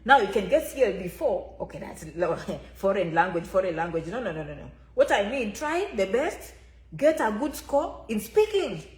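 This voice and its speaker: A woman's voice: mid-range voice, sing-song, moderate pace, echoey room. A woman giving an emphatic, repetitive motivational talk to her viewers as an immigration consultant, often referring to herself by name.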